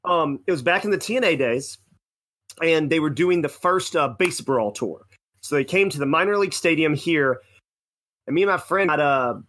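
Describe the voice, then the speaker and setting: A man's voice: a little high, a bit bright. A young man co-hosting a casual podcast, telling rambling anecdotes with lots of self-corrections. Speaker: podcast co-host. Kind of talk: casual storytelling.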